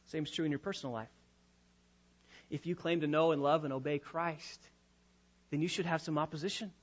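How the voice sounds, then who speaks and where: A male pastor preaching a sermon, dropping to quiet, quick asides and rising to loud, drawn-out emphasis. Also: fairly high pitch, steady tone, dull audio.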